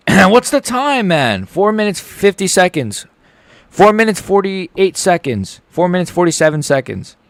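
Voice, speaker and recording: Excitable young man reacting to fights. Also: high voice, unhurried, no echo. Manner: excitable and rambling, swears, swings from mumbling to shouting. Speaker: livestream host. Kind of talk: live fight reaction commentary.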